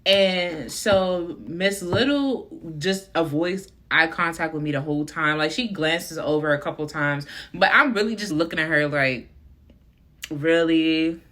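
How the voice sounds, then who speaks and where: A woman's voice: low voice, measured pace, few pauses, a bit bright. A young woman vlogger chatting through a storytime, full of fillers and talking to her viewers as y'all. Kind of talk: casual storytime monologue.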